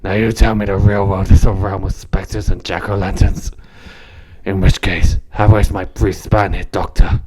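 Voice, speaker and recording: A man doing a croaky, gravelly Batman-style voice, delivering a brooding monologue. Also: sits low, level tone, normal speed, darkish tone.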